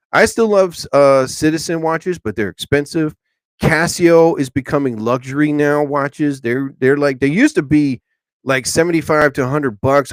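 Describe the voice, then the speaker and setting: A man hosting a casual live stream, rambling excitably and swearing casually as he chats. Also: medium pitch, no room sound.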